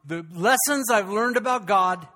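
High-voiced older male pastor preaching. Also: measured pace, pushed and bright. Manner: folksy storytelling, rising to fervent preaching. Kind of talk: sermon.

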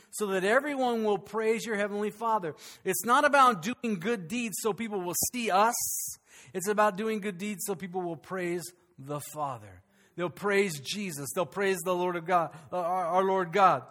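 High-voiced man preaching a sermon. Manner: animated preaching with frequent restarts and fillers. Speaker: pastor.

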